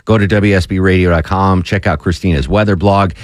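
A male radio host in casual on-air chat, joking with a co-host and reading contest promos with lively pitch jumps. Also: a little fast, no room sound, studio quality. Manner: jokey, reads promos with pitch swings. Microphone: studio microphone.

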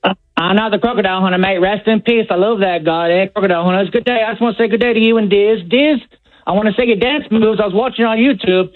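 A man's voice: high-pitched, fast talker, lightly acted. A male caller putting on a broad Australian bloke voice, hammy and drawling, heard over a phone line. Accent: put-on Australian. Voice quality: hammy, drawled mates and good days. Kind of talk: phone-in bit on radio.

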